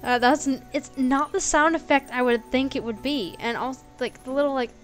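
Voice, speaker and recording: Young woman gamer, kinda high voice, sassy and jokey, bit of game music behind. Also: fairly quick. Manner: playful and sarcastic, argues with game characters; laughs easily. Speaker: let's play gamer. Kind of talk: casual gameplay commentary.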